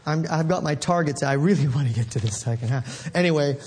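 A man preaching a sermon in an animated, conversational way, calling out to the congregation. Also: fairly high pitch, brisk, husky.

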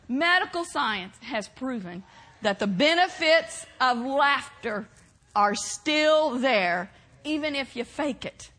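Whooping high-voiced woman preacher. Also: lively intonation, a little slow. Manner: bursts into loud exaggerated laughter and whoops. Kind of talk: sermon.

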